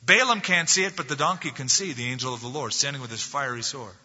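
A male pastor preaching a sermon, retelling a story with animated, emphatic delivery and a slightly husky voice. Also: mid-range voice, fast. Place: church sanctuary. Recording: dull lo-fi recording in an echoey hall.

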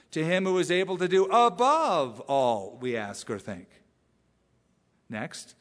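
A man preaching a sermon as a pastor, animated and emphatic, repeating phrases for effect. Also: mid-range voice. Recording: long reverb of a large church hall.

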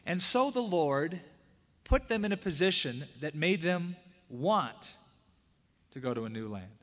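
A male pastor preaching a conversational sermon, with big swings between loud emphatic peaks and hushed, low asides. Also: animated, a little slow. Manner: conversational preaching, acting out quoted prayers and dialogue. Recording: hall reverb.

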